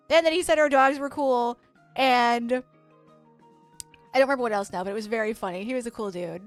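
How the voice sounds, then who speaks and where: A woman streamer telling a story in a profane, animated rant while she plays a game. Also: on the high side, moderate pace, pauses often, faint music behind. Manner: profane, animated ranting with quoted exchanges. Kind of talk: casual storytelling while gaming.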